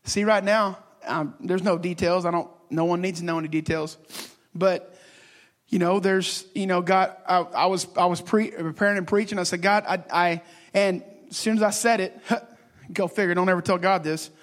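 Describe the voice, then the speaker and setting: High-pitched guy preaching, fired up then quiet, keeps restarting his sentences. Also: fairly even intonation. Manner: impassioned, swinging between loud and hushed, halting restarts. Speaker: pastor. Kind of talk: sermon.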